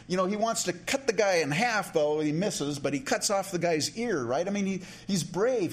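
A male pastor preaching a sermon in a relaxed, conversational way, with frequent restarts and asides. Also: fairly high pitch.

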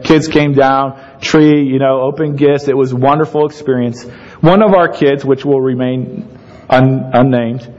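A man preaching a sermon in a conversational, animated way, with asides to the congregation. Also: mid-range voice, lo-fi sound. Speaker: pastor.

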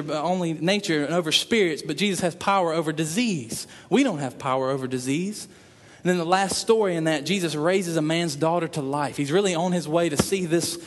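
Man, preacher, earnest sermon, slightly high voice, long hall reverb. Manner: earnest, repetitive emphasis, acts out prayers in quotes.

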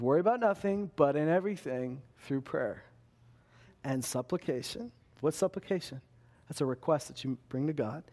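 A man preaching a sermon, talking straight to his listeners and jumping into panicked voices when he acts out a scene. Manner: animated, acts out panicked voices with big pitch swings. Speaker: pastor.

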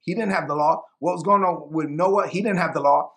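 A male preacher with a high, gravelly voice explains a sermon straight to the camera. His delivery is animated and conversational, circling back and repeating lines to drive them home. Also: a little fast.

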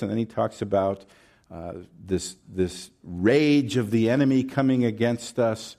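A man's voice: mid-range voice, a little slow, dark tone. A male pastor delivering a sermon, asking his listeners questions and breaking into a folksy story.

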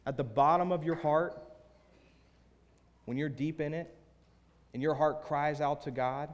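A young man preaching a sermon with a personal testimony and prayer, earnest and shifting from hushed to emphatic. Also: fairly high pitch, fairly even intonation, a little slow, long pauses, big-room sound. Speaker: pastor. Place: church sanctuary.

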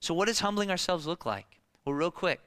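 A pastor in his thirties preaches conversationally in a high-pitched, clean, fairly bright voice, fairly quick and lively in intonation. He poses rhetorical questions and shares personal anecdotes about his own family.

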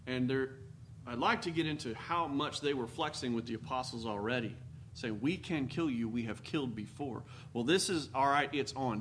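A man's voice: medium pitch, fairly bright tone. A man preaching a sermon in a folksy, storytelling manner with dramatic emphasis. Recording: faint background noise.

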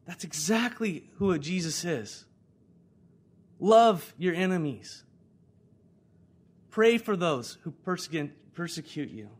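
A man with an American accent preaching a sermon as pastor, talking conversationally and swinging between loud emphasis and hushed, prayerful lines. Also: on the high side, very animated, moderate pace, hardly any pauses, slightly rough.

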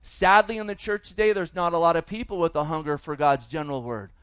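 A man's voice: a little high, fairly even intonation, quick pace, a bit bright, smooth, no room sound. A man preaching a sermon as pastor, folksy and emphatic, with asides to the congregation.

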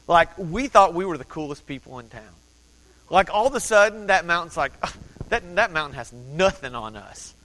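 Bright-voiced man preaching in a reverberant hall. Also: sits high. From Texas. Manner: animated, building excitement, conversational asides. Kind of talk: storytelling sermon.

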